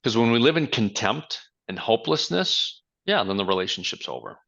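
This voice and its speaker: A male leadership coach giving a motivational talk, his voice bright and forceful. He speaks with emphasis and leans on rhetorical questions, heard through a dull, lo-fi recording. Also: medium pitch, sing-song, a little fast, creaky.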